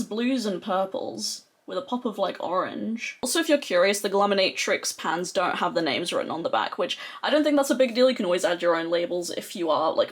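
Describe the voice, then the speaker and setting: A young adult woman who talks chattily and excitably as a beauty vlogger, with lots of "like" fillers. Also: mid-range voice, breathy edge. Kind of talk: casual chatty tutorial.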